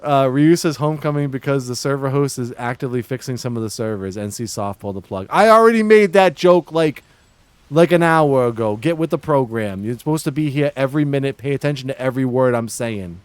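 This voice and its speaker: A man's voice: medium pitch, a little fast, smooth, dry recording. Streamer type, male, hams up a fake Boston-New York accent, jokey with chat, clean dry home-mic sound. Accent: exaggerated put-on Boston-New York. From Massachusetts. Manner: joking, playfully ribbing chat. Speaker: livestreamer. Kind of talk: casual livestream chat.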